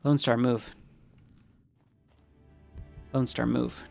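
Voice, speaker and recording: A gravelly-voiced man chats casually while streaming a game. He rambles, answers chat, and throws in jokey asides. His nose sounds stuffy from allergies. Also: medium pitch, level tone, slow pace, pauses often, darkish tone, faint music behind.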